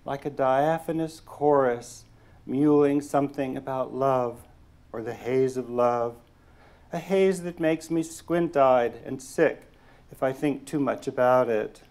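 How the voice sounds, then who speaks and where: A man reads his own poems at a slow, unhurried pace, his pitch sitting in an ordinary middle range. Between poems he talks hesitantly with small fillers, then settles into a careful, measured reading of the verse. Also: darkish tone. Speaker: poet reading his work. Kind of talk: poetry reading. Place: lecture hall.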